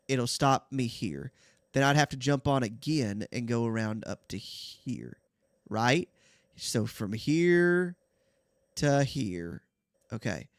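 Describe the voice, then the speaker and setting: Chatty and relaxed, a young gaming-channel host gives casual commentary to viewers as he plays. His voice is medium pitch, and the recording is dry with clean studio sound.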